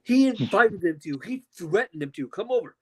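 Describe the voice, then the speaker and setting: A man co-hosting a podcast from home, ranting loudly and angrily with a lot of swearing. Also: sits high, normal speed, breathy edge, low-quality recording. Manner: loud, profane, animated ranting. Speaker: podcast co-host. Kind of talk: heated podcast rant. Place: at home with his dog.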